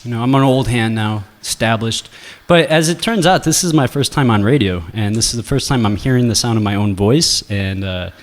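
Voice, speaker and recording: A man from Ohio with an American accent, a guest comedian on a radio show, deadpan and self-mocking. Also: mid-range voice, fairly quick, hardly any pauses. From Ohio, USA. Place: radio studio.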